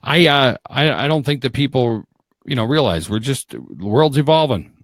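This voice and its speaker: A middle-aged man runs a casual live talk show from a video call. His voice sits at a mid pitch and sounds dry and close. He rambles and jokes freely, often talking over his guests. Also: expressive, moderate pace, no room sound. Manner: rambling, joking, talks over others. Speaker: host.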